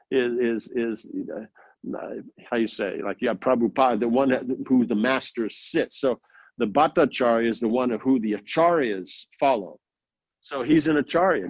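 Guy teaching scripture class, lots of you know, mid pitched voice, dull dry sound. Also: darkish tone, no echo. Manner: rambling, many "you know" fillers, rhetorical asides. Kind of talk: explanatory scripture lecture.

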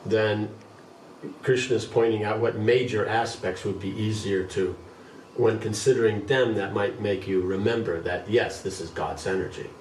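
A man leading a scripture class, reading a passage aloud and then explaining it in an unhurried way. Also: fairly low pitch, fairly even intonation, a little mellow, slight background noise. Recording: roomy, distant mic, faint background.

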